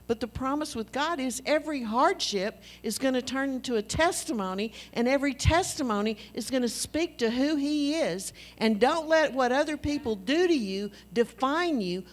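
A woman's voice: high voice, animated, normal speed, hardly any pauses. A woman, preaching a sermon in an earnest, conversational way and telling personal stories.

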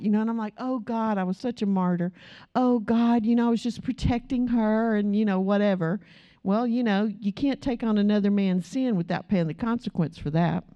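A middle-aged woman teaches a church group in a chatty, laughing way and asks them questions as she goes. Her voice is mellow and relaxed, and the recording sounds dull and lo-fi. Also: mid-range voice. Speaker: Bible study teacher. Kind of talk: church teaching with personal stories.

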